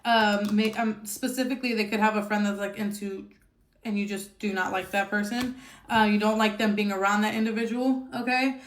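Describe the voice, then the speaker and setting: This tarot reader has a medium-pitched, steady voice and talks a little fast, chatty and blunt with plenty of swearing, "um"s and "okay?"s as she does a casual reading. The room echoes, and a slight hiss or hum runs underneath.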